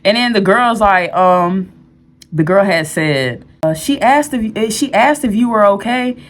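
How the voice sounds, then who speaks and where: A woman vlogger tells a true story to the camera in a storytime video, candid and rambling, using fillers and restarting sentences. Her mid-range voice has lively intonation, and she keeps a measured pace.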